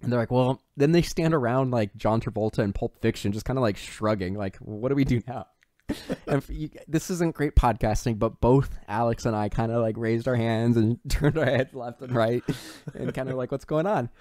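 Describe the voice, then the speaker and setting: A man's voice: mid-range voice, moderate pace, no room sound. A man in casual podcast chat, walking through a film's plot with plenty of swearing and bits of quoted dialogue. His voice sits in a middle register. The sound is dry and close, with little room around it. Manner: profane, animated retelling with put-on character quotes. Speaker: podcast co-host. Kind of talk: casual movie recap chat.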